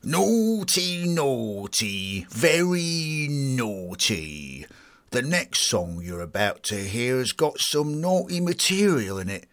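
A man's voice: medium pitch, big pitch swings, takes it slowly, hardly any pauses, fairly bright tone, heavily acted. A man putting on a cheeky voice to give a mock-stern warning, stretching his words out with teasing emphasis in a radio studio.

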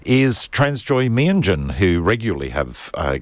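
A man's voice: low-pitched, big pitch swings, measured pace, no echo. An Australian man hosting a community radio show in casual, jokey, rambling chat from a studio mic. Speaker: radio host. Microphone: studio microphone.

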